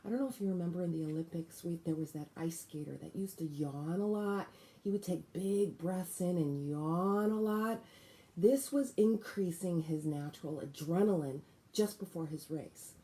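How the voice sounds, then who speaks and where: A woman teaching a guided breathing lesson, giving calm, deliberate instructions. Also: on the low side.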